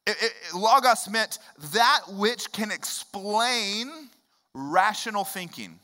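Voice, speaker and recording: Animated high-voiced male preacher. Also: takes it slowly, long reverb tail. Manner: animated, swings from loud emphatic bursts to low hushed lines. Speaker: pastor. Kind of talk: sermon. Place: church sanctuary.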